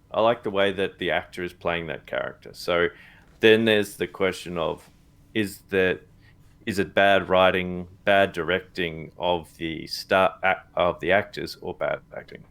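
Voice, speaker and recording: Low gravelly man chatting casually. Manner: halting, many fillers and restarts, chuckles often. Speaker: watch-party co-host. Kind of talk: casual chat reacting to a TV episode. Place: live stream setup.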